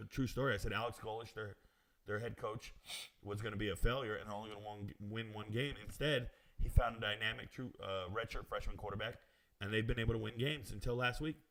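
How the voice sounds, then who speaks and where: Fairly low-pitched and a bit bright, this man talks briskly with fairly even intonation. He's a sports betting show host on a live stream, reading viewer comments and responding cockily with casual slang and conversational asides.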